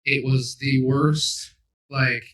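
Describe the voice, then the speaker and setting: Bright-voiced man telling stories. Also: medium pitch, level tone, very slow. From Cape Breton, Canada. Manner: rambling, self-mocking storyteller with frequent fillers. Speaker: podcast host. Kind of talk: casual storytelling chat. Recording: roomy sound, mic at a distance.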